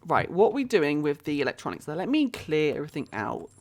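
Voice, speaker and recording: Quick and very animated, a low-pitched, slightly mellow female voice provides relaxed commentary on a life-sim game. The streamer is British, and she muses aloud as she plays while greeting people in her chat.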